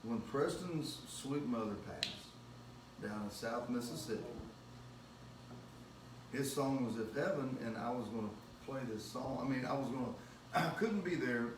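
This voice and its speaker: A man's voice: medium pitch, a little slow. Male host and singer, rambling chatty storyteller, roomy distant sound with background noise. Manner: rambling, self-correcting, chatty. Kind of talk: casual storytelling on a talk show. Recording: echoey room, mic far off, noisy background.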